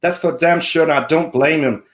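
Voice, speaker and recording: A man's voice: a little high, moderate pace, pitched above the performer's own voice, lightly acted. A man putting on an Irish accent to play a cocky adult fighter, speaking in a confident, matter-of-fact boast. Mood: boastful. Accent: put-on Irish.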